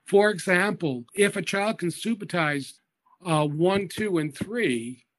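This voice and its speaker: A man's voice: high voice, takes it slowly, a bit bright. A man being interviewed as an education expert, explaining methodically and patiently with small hesitations.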